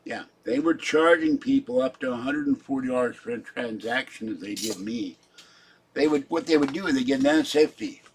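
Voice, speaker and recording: A man's voice: mid-range voice, fairly quick, a little hiss or hum. A man chatting casually on his own livestream, rambling and muttering asides to his chat. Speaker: YouTube livestreamer.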